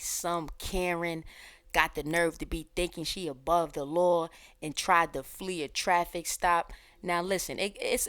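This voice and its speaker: A young adult woman hosting a reaction video, chatting casually in heavy slang and bursting into loud outbursts. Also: sits low, no room sound, studio quality.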